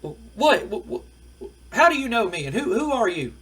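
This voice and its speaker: A man's voice: a little high, brisk, distant mic, lightly acted. A man voicing a brash, money-minded wrestling manager who waves off a former client. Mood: outraged. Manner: loud, dismissive, blustering. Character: brash, greedy male wrestling manager, middle-aged.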